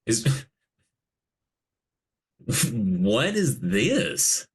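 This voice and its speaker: Man, podcast host, casual movie chat, very lively pitch, jokey, laughs a lot. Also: extremely slow, breathy edge. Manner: animated, laughing, jokey asides.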